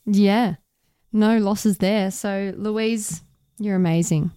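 A young woman, co-hosting a podcast in casual chat, laughing often and saying upbeat words flatly. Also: medium pitch, slow, clear, resonant tone, no room sound, clean studio sound. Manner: chatty, laughs often, deadpan delivery of enthusiastic words. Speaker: podcast co-host.

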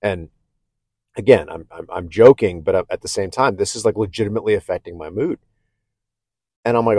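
A man's voice: lowish voice, a little fast, long pauses, warm tone, no room sound. A man hosting a casual self-help podcast monologue. He talks candidly and reflectively, with stammered restarts, and keeps checking in with "okay?". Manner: conversational, often checks in with "okay?". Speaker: podcast host.

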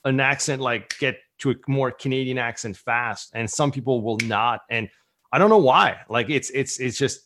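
A middle-aged man appears as a guest in a casual interview. He talks with enthusiasm in loose, rambling sentences. His voice sits at an ordinary mid pitch. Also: normal speed, fairly bright tone. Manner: enthusiastic, rambling with many "like" fillers. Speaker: guest entrepreneur.

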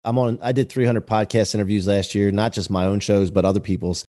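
A man's voice: fairly low pitch, fairly even intonation, brisk, warm tone, no room sound, clean studio sound. A man hosting a podcast, chatting casually and upbeat with a guest. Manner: upbeat, talks with his hands. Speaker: podcast host. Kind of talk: casual interview chat.

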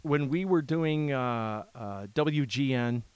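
A man co-hosting a casual chat podcast, telling stories and corny jokes with an animated delivery. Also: medium pitch, slow, clear, resonant tone. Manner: jokey, animated storyteller. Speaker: podcast co-host.

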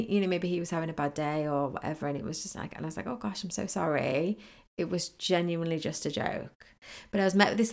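A woman coaching on manifesting talks through a personal story in an easy, rambling way, full of fillers and self-corrections. Her voice sits a little on the low side. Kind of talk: casual solo podcast talk.

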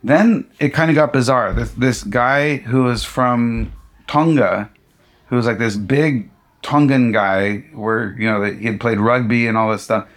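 A man, a pastor being interviewed, telling a personal story in a lively conversational way, with humorous asides and acted-out quotes. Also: medium pitch, a little slow. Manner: animated storyteller who acts out what others said; humorous, self-deprecating asides. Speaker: pastor and guest speaker.

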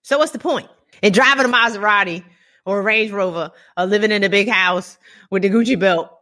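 A woman hosting a podcast interview, laughing often and acting out animated retellings. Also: medium pitch, a little fast. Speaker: podcast host. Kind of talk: casual interview chat.

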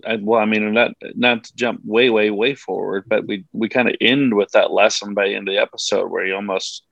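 A man co-hosting a podcast, explaining points in a measured, casual way. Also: fairly low pitch, steady tone, gravelly, fairly bright tone, no echo, lo-fi sound. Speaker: podcast co-host. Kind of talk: casual chat.

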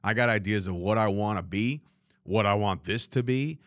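A man hosts a solo podcast from his studio room. He talks candidly and rambles, swearing often, in a fairly low voice. The recording is dry and close. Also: normal speed, a bit bright, dry recording. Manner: candid and rambling, swearing, frequent "you know what I mean". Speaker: podcast host. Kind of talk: reflective solo podcast monologue.

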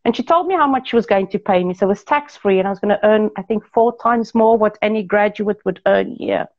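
A woman from Portugal tells a long personal story in relaxed, chatty conversation, restarting sentences and addressing her listeners directly. Her voice sits at an ordinary middle pitch, and the recording is a bit dull and muffled. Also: fairly quick. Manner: chatty, animated, frequent self-corrections and asides to listeners. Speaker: guest telling her life story. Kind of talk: casual storytelling chat.

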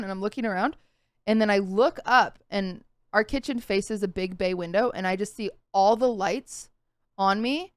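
A young woman co-hosts a casual podcast and recounts events earnestly and vividly, scattering "like" through her sentences. Her voice is smooth and clean, and her pitch sits in a middle range. The recording is dry and close, with no room sound. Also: normal speed, dry recording. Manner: earnest, vivid retelling with frequent "like" fillers. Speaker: podcast co-host.

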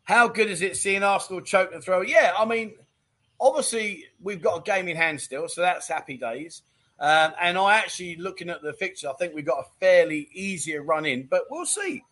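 A chatty, jokey middle-aged man keeps calling people "mate" as he reads out viewer comments on his livestream. His voice sits fairly high for a man. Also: animated, moderate pace, pushed and bright. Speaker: livestream chat show host. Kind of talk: casual chat reading viewer comments.

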